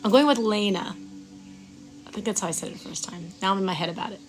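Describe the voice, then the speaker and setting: A mid-pitched woman hosts a live Reiki stream outdoors at sunrise. She chats warmly with viewers, trips over their names, and guides breathing in a soft, slow voice. Faint music plays behind her. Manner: chatty, reads viewers' names aloud and fumbles them. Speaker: Reiki practitioner and stream host.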